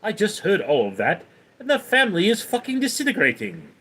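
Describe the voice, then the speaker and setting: A man's voice: sits high, wildly swooping pitch, brisk, a bit bright, husky, pitched above the performer's own voice, heavily acted. Stewie, a man doing a snooty cartoon baby. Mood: exasperated.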